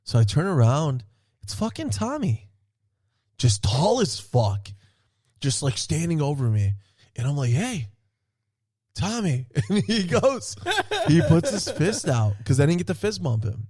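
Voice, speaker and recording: A man excitedly telling a story in a casual podcast chat, swearing often and laughing as he talks. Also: fairly high pitch, a little slow, no echo, studio quality. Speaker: podcast co-host.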